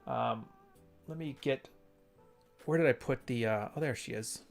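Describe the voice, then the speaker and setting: A man's voice: medium pitch, unhurried, vocal fry, soft background music. A man hosting a casual solo show, talking in a loose, rambling way and reading passages aloud. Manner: rambling, conversational, self-correcting. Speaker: podcast host.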